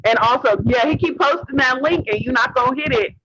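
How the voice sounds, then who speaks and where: A man's voice: very high voice, brisk, sharp tone, slight background noise. A man hosting a livestream, delivering a heated rant in a sassy, profane way and calling people honey. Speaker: livestream host. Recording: dull lo-fi stream audio.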